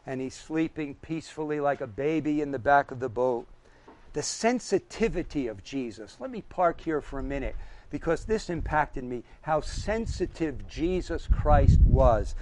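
High-voiced man preaching emphatically. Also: rough recording. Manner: emphatic, lists points, asks the audience. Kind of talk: sermon.

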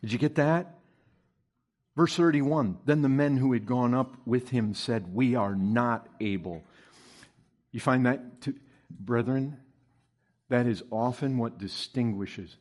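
A man's voice: mid-range voice, slow pace, long pauses, darkish tone. A man preaching a sermon to his congregation, reading scripture aloud, asking the listeners questions and building to emphatic, stressed bursts. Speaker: pastor.

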